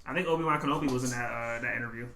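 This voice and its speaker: A man's voice: medium pitch, rapid-fire, sharp tone. A man co-hosting a podcast in casual chat, rambling and hedging as he tells stories. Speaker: podcast co-host. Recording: roomy echo.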